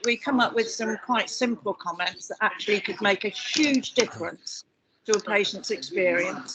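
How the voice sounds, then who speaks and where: A loud, outspoken woman with a chatty manner, speaking as a patient representative on a conference panel. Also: mid-range voice, background noise. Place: meeting house in London, busy room. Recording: crowd chatter behind. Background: background chatter.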